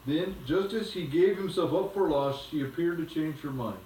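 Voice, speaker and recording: A man reading a children's book aloud to a child, gentle and unhurried. His voice sits a touch high for a man, picked up from a distance in a reverberant room. A faint hum lies underneath.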